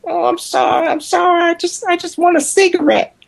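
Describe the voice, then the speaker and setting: A man voicing a scrawny old man with a thin, high-pitched, begging voice. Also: flat delivery, brisk, vocal fry. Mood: apologetic.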